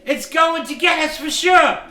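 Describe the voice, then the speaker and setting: A man voicing a grumpy male troll who talks in a rough dialect and panics easily. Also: high-pitched, lively intonation, normal speed, pitched above the performer's own voice, full character voice. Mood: terrified. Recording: echoey room, mic at a distance, soft music.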